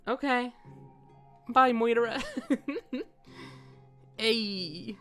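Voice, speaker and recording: A woman's voice: fairly high pitch, unhurried, long pauses, a bit bright, soft background music. A woman streaming a game, chatting playfully with viewers and giggling between lines. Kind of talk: casual game-stream chat.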